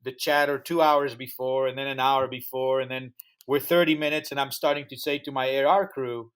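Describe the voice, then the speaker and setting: A man's voice: mid-range voice, a little fast, clear, resonant tone. A man who speaks English as a second language, telling a story in a podcast interview and acting out the voices of the people in it. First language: not English. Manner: animated storyteller acting out dialogue. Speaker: music festival founder, guest.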